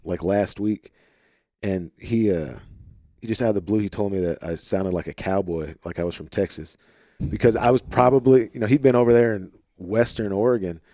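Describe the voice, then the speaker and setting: A man with a light Arkansas twang hosting a podcast, chatting in a relaxed, rambling way with plenty of fillers, in a home office. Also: on the low side, normal speed, dry recording, studio quality. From St. Louis, Missouri. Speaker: podcast host. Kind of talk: casual conversation.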